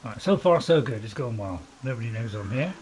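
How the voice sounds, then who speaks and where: A man's voice: medium pitch, animated, fairly quick, a little mellow, a little hiss or hum, rough recording. A British man hosting a gameplay video, chatting and joking at his own expense while he plays. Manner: chatty, joking, self-mocking, laughs often. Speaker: gaming video host. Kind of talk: let's-play commentary. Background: dog barking nearby.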